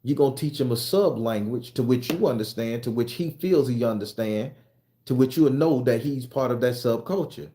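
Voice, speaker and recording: A man's voice: mid-range voice, normal speed, dark tone, slight background noise. A man from the United States ranting bluntly and profanely in a casual monologue, working himself up as he goes. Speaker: commentator.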